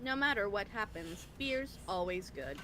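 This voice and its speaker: A woman voicing an energetic, cheerful female brain in a jar, with a slightly robotic, upbeat and flirty delivery, heard over an online voice call. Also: medium pitch, a little slow, a little hiss or hum. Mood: chipper. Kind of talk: fan voicing of game dialogue. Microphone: voice call over the internet.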